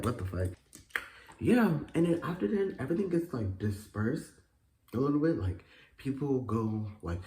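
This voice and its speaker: A man telling a story in a casual vlog, animated and profane, full of slang and fillers, jumping into high voices to act out quotes. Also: slight background noise. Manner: acts out quotes with sudden high pitch jumps.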